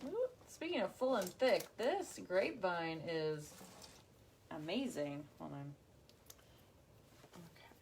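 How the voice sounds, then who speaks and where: A woman's voice: on the low side, lively intonation, slow, pauses often, a little hiss or hum. A woman hosting a live craft demo from home, chatting to viewers as she works. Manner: chatty, talks to viewers as y'all. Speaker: craft livestream host.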